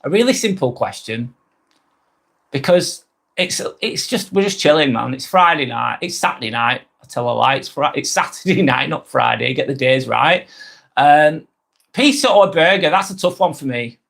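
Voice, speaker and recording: A man in his forties hosting a live stream, chatting casually and reading out viewer comments, friendly, rambling and quick to apologise. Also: medium pitch, animated, vocal fry, fairly bright tone. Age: 40s. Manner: chatty and friendly, ranting a little, apologising often.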